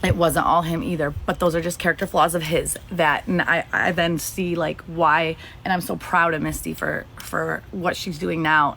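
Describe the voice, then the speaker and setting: A woman in her thirties livestreams to her viewers, rambling heartfeltly about personal matters with many fillers and restarts, and she is a little teary. Her voice is fairly low, gravelly and a bit bright, with slight background noise.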